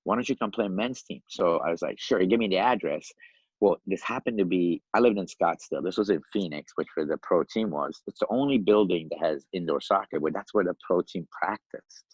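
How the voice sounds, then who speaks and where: A man in his fifties from Iran, a podcast guest telling his life story in a lively, animated way, often laughing and acting out the voices of other people. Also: deep voice, brisk, husky, dry recording, muffled recording. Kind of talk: casual storytelling.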